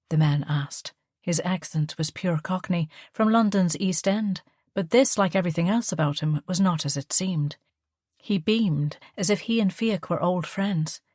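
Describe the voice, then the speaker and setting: A woman narrates an audiobook steadily and in a measured way, her pitch fairly low. The studio-quality recording has no echo.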